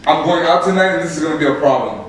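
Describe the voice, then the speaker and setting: A young man, a podcast host, telling a story casually and with much laughter, his voice leaping high when excited. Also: very fast. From Canada. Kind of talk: casual storytelling among co-hosts. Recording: echoey room, distant mic, faint noise.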